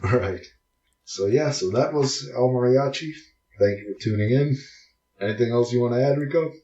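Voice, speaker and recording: A man co-hosting a casual film podcast, often pausing and searching for his words. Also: mid-range voice, mellow. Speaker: podcast co-host. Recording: roomy, dull lo-fi sound.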